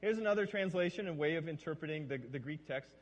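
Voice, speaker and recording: A male pastor preaching a lively sermon and acting out lines. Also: fairly high pitch, fast. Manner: animated, acts out lines. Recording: long reverb of a large hall.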